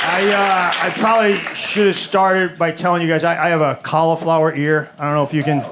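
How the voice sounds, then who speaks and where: A man's voice: on the high side, little pitch movement, fairly quick, hardly any pauses, over a noisy crowd. A man doing a stand-up comedy set, rambling and exasperated, repeating his words as he rants. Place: comedy stage with live audience. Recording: roomy club with audience noise.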